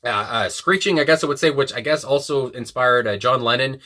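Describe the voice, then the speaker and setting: A man's voice: mid-range voice, brisk, pushed and bright. A man casually reviewing a song, rambling and enthusiastic, with many fillers and restarts. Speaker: music reviewer.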